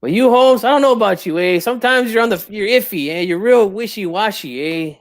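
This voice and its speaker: This man's voice is high, natural, and a little fast as he impersonates, for laughs, a tipsy, proud aging father of a boxer. The character has been drinking, feels wounded, and ends almost every phrase with "eh?" while dropping Spanish slang.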